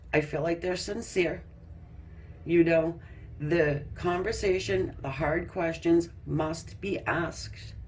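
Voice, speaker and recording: A woman reads tarot cards in a relaxed, chatty way. She laughs often, trips over her own words and swears freely. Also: deep voice. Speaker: tarot reader. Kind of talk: casual tarot card reading.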